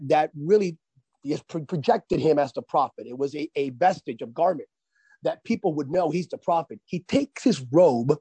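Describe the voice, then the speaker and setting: A man, a pastor and author, preaching as a guest on a radio talk show, with emphatic, drawn-out stressed phrases. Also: a little high, mellow, husky, dry recording.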